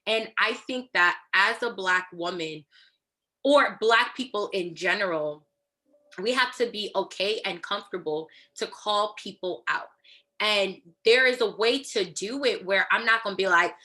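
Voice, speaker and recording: A woman's voice: medium pitch, moderate pace, pushed and bright. A woman speaking candidly as a guest in a casual panel discussion, thinking aloud with frequent fillers. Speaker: podcast guest.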